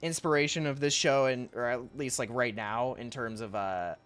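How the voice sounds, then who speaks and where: A man's voice: mid-range voice, normal speed, a bit bright, clean tone. A young man streaming while he draws, rambling casually to chat, reading messages aloud and often laughing.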